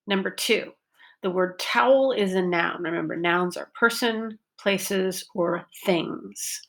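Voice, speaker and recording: A woman teaching a pronunciation lesson, speaking slowly and carefully and drawing out words to show pitch changes. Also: vocal fry, a bit bright. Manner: slow and deliberate, stretches words to show pitch. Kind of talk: slow, careful classroom lesson.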